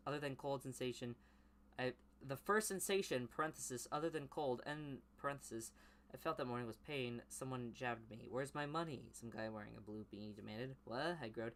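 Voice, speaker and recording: Young guy mumbling through his cringey old story then yelling jokes at it. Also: medium pitch, slight background noise. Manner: flat mumbled reading broken by loud mocking outbursts. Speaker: YouTuber reading his childhood writing. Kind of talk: comic reading with commentary.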